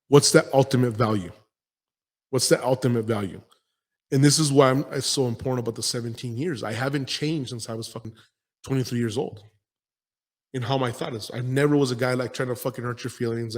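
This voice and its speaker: A man's voice: mid-range voice, steady tone, a little fast. A man in his forties hosting a podcast, talking in a blunt, profane, rambling and intense way in a casual motivational monologue. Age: 40s. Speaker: podcast host and gym owner.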